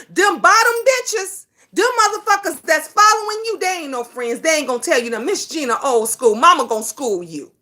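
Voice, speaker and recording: A woman's voice: sits high, sharp tone. A middle-aged woman hosts a talk show, ranting in a profane, emphatic monologue full of rhetorical questions.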